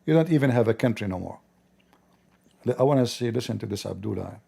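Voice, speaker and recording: A man's voice: fairly low pitch, animated, quick pace, creaky, warm tone, husky. A man hosting a show, giving sarcastic, interrupting commentary on news clips. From Arab world. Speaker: host reacting to news clips. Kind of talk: mocking live commentary.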